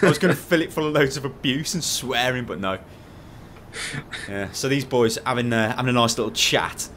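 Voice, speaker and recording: A man's voice: a little fast, a bit bright, slight background noise. Jokey man commentating a game. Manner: jokey, bursts into laughter and high-pitched yelps. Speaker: esports commentator.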